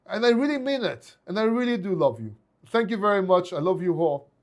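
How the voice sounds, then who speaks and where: A man's voice: sits high, animated, brisk. A man with a Greek accent, a crypto YouTuber talking casually and heartfelt to his viewers, often restarting his words.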